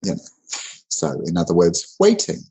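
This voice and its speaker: Husky low-voiced man teaching grammar. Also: lively intonation, unhurried, darkish tone, rough recording. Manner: conversational, many fillers and restarts. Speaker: English teacher. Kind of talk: explaining grammar in an online lesson.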